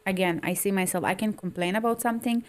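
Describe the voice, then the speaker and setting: A woman chatting on a podcast, candid and self-deprecating, telling her stories in an animated way and acting out her own complaints. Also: mid-range voice, fast talker. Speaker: podcast co-host. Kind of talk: casual podcast conversation.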